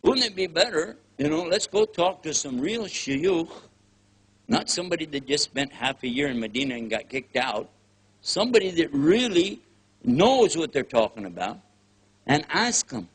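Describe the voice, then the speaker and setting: Older Texan male preacher, folksy and joking, acts out quoted voices; husky, a touch high. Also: very animated, moderate pace. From Texas, USA. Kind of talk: casual lecture.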